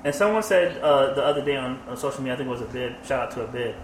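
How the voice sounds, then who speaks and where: A man's voice: medium pitch, rapid-fire. A man co-hosting a podcast in casual chat, reflective and agreeable, often affirming others. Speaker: podcast co-host. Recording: echoey room with faint noise.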